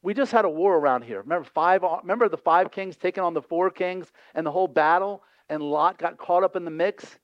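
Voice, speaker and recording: Male pastor, lively conversational sermon, slightly high voice, dull lo-fi recording. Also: brisk, hardly any pauses, no echo. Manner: lively, conversational, acts out voices in scripture scenes.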